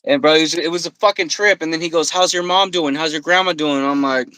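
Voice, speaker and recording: A man telling a story on a podcast, swearing freely and quoting himself and others in an animated way. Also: on the high side, fast talker, clear, resonant tone, no echo, low-quality recording. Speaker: podcast guest. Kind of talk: casual storytelling. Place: podcast studio.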